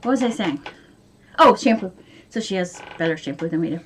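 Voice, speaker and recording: A woman's voice: lowish voice, expressive, a little fast, a little hiss or hum. A woman vlogging from home in a rambling, chatty way, full of fillers. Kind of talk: casual chat to camera.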